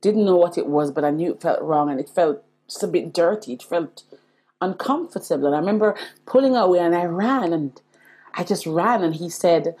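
A middle-aged woman speaks with a slightly low, husky voice. She shares her personal testimony earnestly and repeats phrases for emphasis. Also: normal speed, dark tone. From Caribbean. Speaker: speaker sharing her life story.

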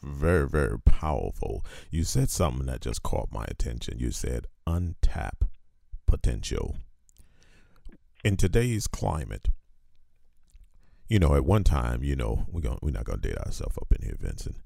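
A man hosting an interview, speaking slowly and with emphasis, drawing out key words. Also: rumbling low, very animated, vocal fry, dark tone, no echo, studio quality. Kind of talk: conversational interview.

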